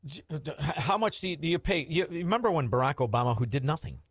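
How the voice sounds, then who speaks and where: Man, radio host, high and lively delivery, brash and mocking, dry studio sound. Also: fast talker, slightly rough, no room sound. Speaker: radio talk show host. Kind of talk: call-in talk radio.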